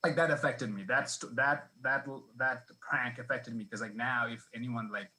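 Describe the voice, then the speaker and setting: Bright-voiced man telling a rambling stand-up story. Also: mid-range voice, fairly even intonation, moderate pace, low-quality recording. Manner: rambling, self-deprecating, many restarts. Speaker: stand-up comic. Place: comedy club stage.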